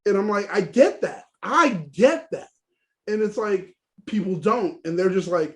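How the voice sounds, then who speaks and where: A man's voice: high voice, sing-song, normal speed. A man from Haiti, co-hosting a casual podcast, talking bluntly and animatedly and swearing freely. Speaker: podcast co-host.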